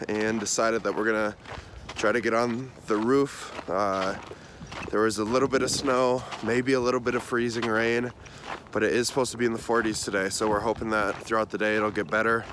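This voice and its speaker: A man's voice: on the low side, little pitch movement, brisk. A man hosting a vlog with a groggy morning voice, explaining the day's work plainly outdoors on a farm. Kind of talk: casual vlog narration. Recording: noisy outdoor camera audio. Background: clear background noise.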